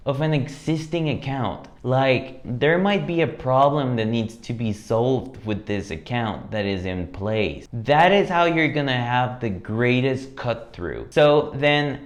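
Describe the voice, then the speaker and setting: A man teaching cold-calling, talking directly and confidently and acting out short phone lines as examples. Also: medium pitch. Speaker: sales coach. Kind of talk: instructional talk.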